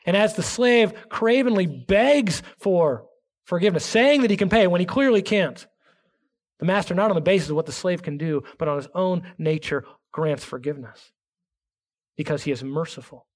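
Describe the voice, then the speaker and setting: A pastor with a high-sitting male voice preaches a sermon with earnest emphasis. He reads scripture aloud and drops to a hushed tone for the key points.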